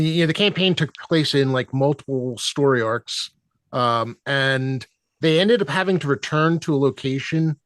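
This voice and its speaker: A man in a casual chat giving game master tips and stories, halting with many ums and you-knows. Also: mid-range voice, fairly bright tone, smooth, no room sound. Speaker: dungeon master.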